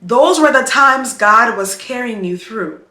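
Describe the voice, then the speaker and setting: A woman's voice: fairly high pitch, expressive, unhurried, bright, forceful tone, roomy sound. A woman vlogger talking to her viewers about faith, emotional and encouraging, speaking in a repetitive preaching cadence. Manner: addresses viewers as "girl". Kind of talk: heartfelt faith-based talk to camera.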